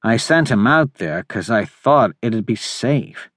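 A man reading as an easygoing young fleet admiral, wry and grumbling in an audiobook. His lines drag out in a slow, sleepy drawl with a mid-range voice and a dry studio sound. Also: medium pitch, lively intonation, a bit bright, no room sound.

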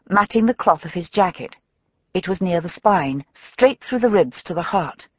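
A woman narrating a mystery novel for an audiobook with measured storytelling. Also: on the low side, dry recording, dull audio.

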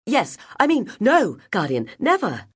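A woman's voice: a little high, wildly swooping pitch, measured pace, husky, pitched above the performer's own voice, full character voice. A woman voicing a defiant young schoolgirl in trouble, mumbling and subdued, in an audiobook. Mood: sullen, meek. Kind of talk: audiobook character reading.

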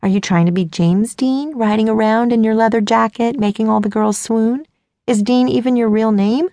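Woman doing awkward teen girl, blurty and sarcastic, a bit gravelly, dry sound. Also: a little high, normal speed, dark tone, no echo, lightly acted. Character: awkward, sharp-tongued teenage girl, rambling.

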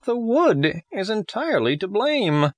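A man doing a shrill quarrelsome old carpenter. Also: big pitch swings, a little slow, dry recording. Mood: protesting. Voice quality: high strained voice.

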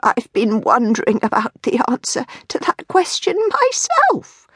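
A woman voicing an ancient, wheezing male Viking grandfather who speaks gently in a storybook audiobook. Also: a little high, wildly swooping pitch, unhurried, husky, no echo, clean studio sound, pitched above the performer's own voice, full character voice. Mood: gentle. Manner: wheezy, kindly.

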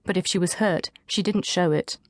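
A woman narrating an audiobook in a wry, brisk storytelling manner, close to the mic. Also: lowish voice, dry recording.

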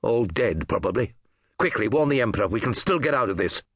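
A man voicing a sharp-eyed Roman officer who speaks in terse, urgent bursts. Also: on the low side, animated, fairly quick, dry recording, studio quality.

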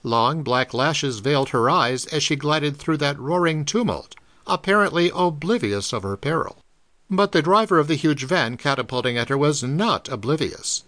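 A male narrator reads pulp fiction with dramatic flair, his pitch swinging widely. His voice sits somewhat high for a man. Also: normal speed. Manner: dramatic, expressive reading. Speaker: audiobook narrator.

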